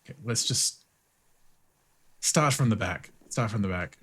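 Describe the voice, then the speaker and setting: A man's voice: lowish voice, expressive, unhurried, a bit bright, slightly rough. A man streaming a video game, chatting casually, swearing often, laughing and greeting viewers in chat. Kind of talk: casual commentary while playing.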